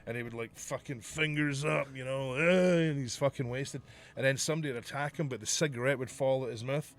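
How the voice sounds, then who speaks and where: Speaking fairly quickly in a mid-range voice, a man who used to wrestle and now co-hosts a podcast chats casually. He spins his stories with animation, peppering them with profanity and laughter.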